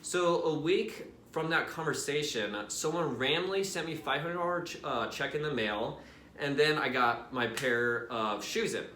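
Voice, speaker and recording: Bright-voiced young man telling a testimony. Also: fairly high pitch, moderate pace, roomy sound, a little hiss or hum. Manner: casual and animated, addresses viewers directly with "right?" and "you guys". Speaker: Christian vlogger. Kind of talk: personal testimony storytelling.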